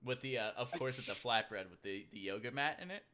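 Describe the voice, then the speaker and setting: A man's voice: mid-range voice, expressive, quick pace, pushed and bright. A man hosting a casual chat, crude and joking, swearing often.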